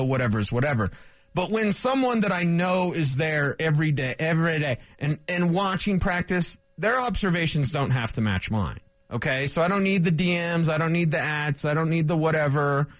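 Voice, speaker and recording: A man's voice: on the high side, expressive, fairly quick, no room sound. A man hosting a sports radio show, talking bluntly and with a lot of feeling, venting frustration in a casual, opinionated way. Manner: ranting, blunt and emotional.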